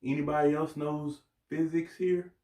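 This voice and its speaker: A young man telling a casual story on his channel, slangy and animated, laughing as he goes. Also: on the high side, moderate pace, roomy sound. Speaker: vlogger.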